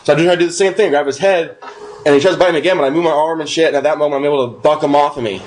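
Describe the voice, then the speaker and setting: A man's voice: a little high, rapid-fire, slight background noise. A young man, a podcast co-host, telling a long drunken-night story in casual, profane speech and acting out the quotes. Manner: profane, animated anecdote with acted-out quotes.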